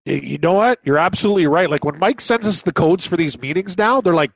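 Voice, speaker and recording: High-voiced guy bantering on a podcast, very bouncy, dry close sound. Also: no room sound. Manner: quick, jokey banter, teasing his co-host. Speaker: podcast co-host. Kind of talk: casual chat.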